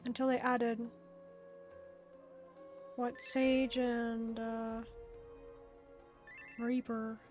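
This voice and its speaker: A woman's voice: fairly high pitch, little pitch movement, drawn-out words, pauses often, darkish tone, soft background music. A woman streamer chatting casually while she plays, rambling and laughing easily. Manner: rambling, laughs often, fillers like "bro". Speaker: streamer playing an online game. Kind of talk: casual livestream chat.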